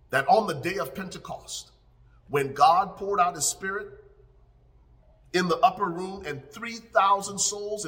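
A man preaching a sermon as pastor, emphatic, with repeated lines, swelling up and then dropping into hushed prayer. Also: sits high.

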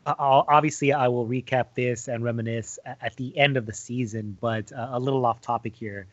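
A man's voice: medium pitch, steady tone, dry recording. Male co-host, easygoing and jokey, average voice, dry lo-fi recording. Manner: joking, laughs often, halting restarts. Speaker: podcast co-host. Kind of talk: casual chat. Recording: dull lo-fi sound.

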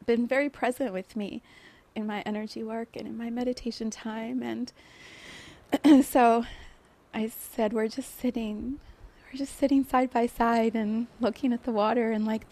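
A woman hosting a podcast, softly and emotionally telling a personal story about a guided meditation. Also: a little high, steady tone, moderate pace. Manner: soft, emotional, often laughing through tears. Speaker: podcast host.

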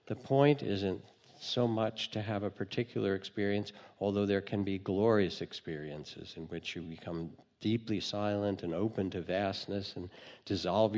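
A man giving a dharma talk as a meditation teacher, telling stories gently with light humor. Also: on the low side, creaky, in a large hall.

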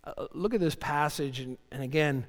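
Man, pastor, sermon, somewhat high voice, dramatic readings then hushed emphasis, long hall reverb. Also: moderate pace. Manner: animated preaching, voicing Job's cries with rising pitch and dropping low for emphasis.

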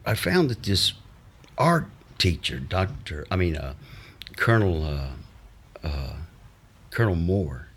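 A man telling long stories from his life in a relaxed, rambling interview, stumbling over words with many uh's and acting out the people he quotes. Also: low voice, unhurried, pauses often, breathy edge. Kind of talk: casual anecdotal storytelling.

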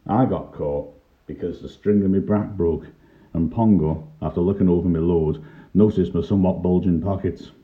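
Older male storyteller, wry and dry, deep voice on a tinny phone-like recording. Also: fairly even intonation, normal speed. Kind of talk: reminiscing first-person story narration. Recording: tinny lo-fi narrow-band recording.

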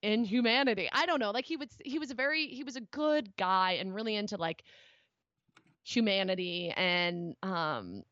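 Woman, 30s, hoarse rasp, chatty guest, lots of "like", dry close sound, slightly dull. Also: mid-range voice, normal speed, a bit bright, no echo. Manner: chatty, many fillers and restarts. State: hoarse, raspy voice. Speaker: podcast guest. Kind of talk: casual interview chat.

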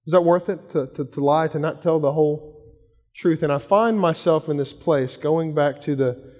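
Pastor, 30s, male, slightly high voice, chatty story-led preaching, long hall reverb. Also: moderate pace. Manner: conversational storytelling, shouts when acting out quotes. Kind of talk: sermon.

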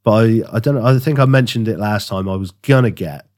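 A man's voice: lowish voice, brisk, a little mellow, no room sound, studio quality. A man co-hosting a podcast, chatting casually and rambling about his woodworking with frequent laughs. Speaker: podcast co-host. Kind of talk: casual chat.

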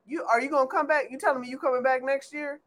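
Podcast cohost, blunt, joking around, quick jabs. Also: sits high, fairly even intonation, fairly bright tone. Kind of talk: casual chat.

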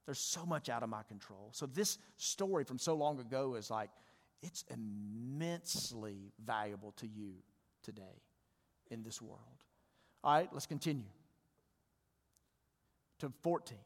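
Preaching in a church sanctuary, a male pastor with a medium-pitched, animated voice keeps a measured pace and leaves long pauses. He speaks conversationally and puts questions to the congregation, and the recording carries a long church reverb.

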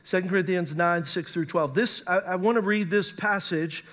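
A man's voice: high-pitched, moderate pace, fairly bright tone. A man, a pastor, preaching a sermon with emphatic rises and reading scripture aloud.

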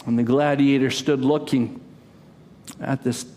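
A man preaching a sermon, telling a story dramatically, rising to loud cries and dropping to a hush. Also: mid-range voice, steady tone, unhurried. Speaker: pastor.

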